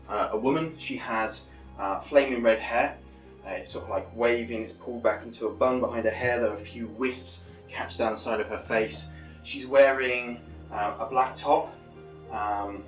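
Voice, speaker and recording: A man's voice: lowish voice, a bit bright, reverberant, distant mic, poor audio. A man narrating a tabletop game as game master, rambling with many fillers and restarts.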